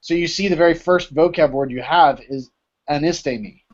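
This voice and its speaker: A man's voice: on the high side, moderate pace. A man teaching a Greek class in a casual lecture style, often checking in with "right?" as he explains. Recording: dull lo-fi recording.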